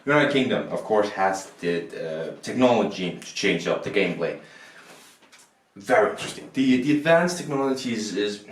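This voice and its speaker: In an echoey room, a Danish man with a fairly low, lively voice reviews a board game at a moderate pace. He's casual and rambling, often repeating and correcting himself as he walks through the rules.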